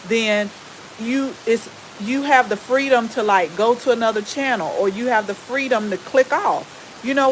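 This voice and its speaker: A woman with a Southern US accent and a relaxed drawl, chatting casually with viewers as the host of a gardening channel. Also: a little high, slight background noise, rough recording. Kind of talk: casual live-stream chat with viewers.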